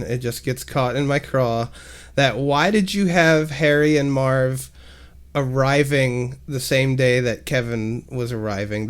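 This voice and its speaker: A man co-hosting a podcast in casual chat, talking in a relaxed, rambling way. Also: mid-range voice, smooth. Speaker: podcast co-host.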